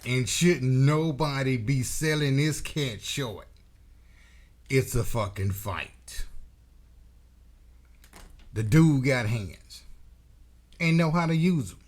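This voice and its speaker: A man's voice: medium pitch, animated, slow pace, pauses often. A man hosting a boxing commentary channel, delivering a blunt, profane, emphatic opinion rant.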